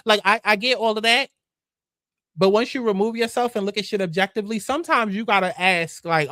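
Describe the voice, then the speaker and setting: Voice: medium pitch, a little fast, bright, forceful tone, dry recording, studio quality. A gossip show host giving blunt, profane, sassy commentary in a casual, mocking way.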